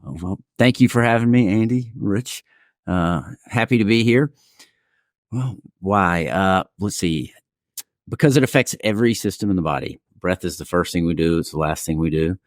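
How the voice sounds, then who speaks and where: A man being interviewed as a breathwork coach, explaining in a calm and measured way. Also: sits low, no echo, studio quality. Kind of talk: interview answers.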